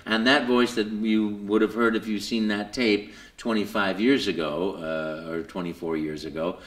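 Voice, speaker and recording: A man being interviewed at a convention, telling his story with lots of fillers and jumping into high put-on voices for quotes. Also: flat delivery, unhurried, a bit bright, echoey room. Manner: lots of fillers and repeated words. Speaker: voice actor guest. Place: convention hall.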